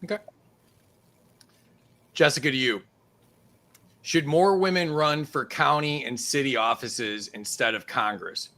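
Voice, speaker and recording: Bright-voiced man hosting a game show. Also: mid-range voice, unhurried, long pauses. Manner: laughs easily between questions. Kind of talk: casual live-stream game show hosting.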